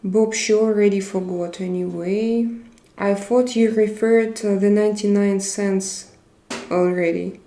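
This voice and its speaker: A woman hosting a live stream, chatting casually and reading viewer comments aloud in a halting, chatty way. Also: mid-range voice, fairly even intonation, mellow. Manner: halting, chatty, laughs often. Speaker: livestream host. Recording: roomy echo.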